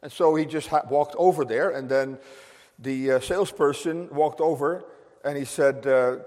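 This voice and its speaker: A man's voice: fairly high pitch, moderate pace, darkish tone, big-room sound. A man preaching a sermon to his congregation in an earnest, emphatic way, repeating key phrases for weight. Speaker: pastor.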